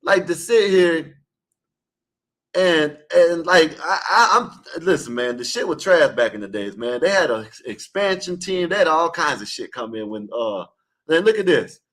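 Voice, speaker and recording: Male caller, somewhat high voice, heated casual sports debate, emphatic and repetitive. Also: expressive, unhurried, a bit bright. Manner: emphatic, repetitive, scolding the listeners. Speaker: caller in an online open panel.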